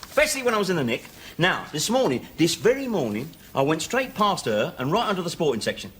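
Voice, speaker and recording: A man's voice: fairly high pitch, big pitch swings, fast talker, a bit bright. An actor playing a sardonic man in his forties, an ex-convict father who banters cheekily. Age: 40s. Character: wry 45-year-old male ex-convict dad. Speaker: sitcom character. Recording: noisy TV sitcom audio.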